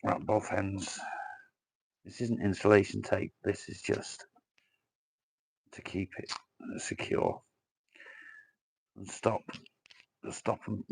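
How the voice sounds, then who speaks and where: A fairly low-voiced man from Northwest England talks to his live-stream viewers as he works on cables. He rambles bluntly and swears freely. The sound is dry and close, with no room echo. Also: little pitch movement, slow pace, creaky, pauses often, breathy edge. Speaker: livestreamer. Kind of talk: casual live-stream chat while doing cable work.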